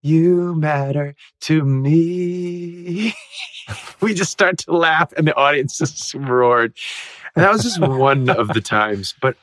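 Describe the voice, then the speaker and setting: A man in his forties, a guest on an interview show, telling stories in a lively way and laughing often. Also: medium pitch, measured pace, no echo. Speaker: guest actor. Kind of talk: casual interview storytelling.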